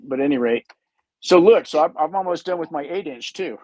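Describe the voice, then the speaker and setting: A man's voice: fairly high pitch, expressive, a little fast, a little mellow, no echo, poor audio. A man hosting a livestream, painting while he chats in a rambling, self-interrupting, jokey way. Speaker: livestream host painting models. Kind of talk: casual rambling chat.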